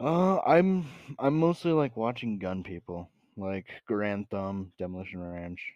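Brief: teen guest, slow drawling low voice, relaxed. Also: male voice, dry recording, dull audio. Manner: laid-back, filler "like" and "dude". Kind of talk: casual chat.

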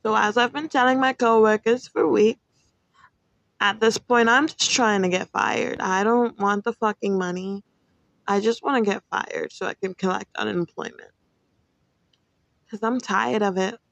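A woman's voice: mid-range voice, moderate pace, creaky, a bit bright, no echo, lo-fi sound. A young woman hosting her own podcast from home, talking casually and frankly about her job and venting freely. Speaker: podcast host. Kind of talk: casual solo podcast monologue.

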